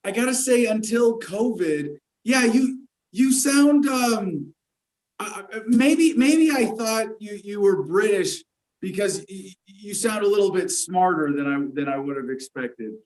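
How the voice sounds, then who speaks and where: A man's voice: sits high, expressive, measured pace, a little mellow, low-quality recording. A man from the United States, a guest on a live talk show, teasing and wry and speaking in long sentences. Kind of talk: casual livestream chat.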